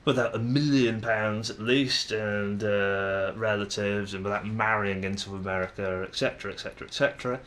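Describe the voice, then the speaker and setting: A man's voice: fairly low pitch, fairly even intonation, moderate pace, few pauses, fairly bright tone. A young Englishman with an English accent, musing to camera in a rambling, hesitant way with many fillers and restarts. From England. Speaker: vlogger.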